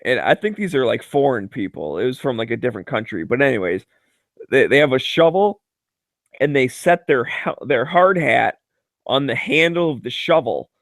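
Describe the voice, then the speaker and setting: Clean studio audio with no room sound captures a man at medium pitch, very animated, at normal speed and a bit bright in tone. He's a chat regular spinning profane, jokey stories, stuffed with fillers and many "like"s, and he laughs frequently.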